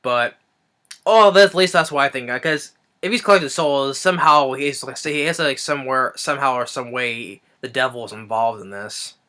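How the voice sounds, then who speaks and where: A man giving a casual spoken film review, halting and restarting his phrases as he thinks aloud. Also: medium pitch, pushed and bright. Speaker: movie reviewer.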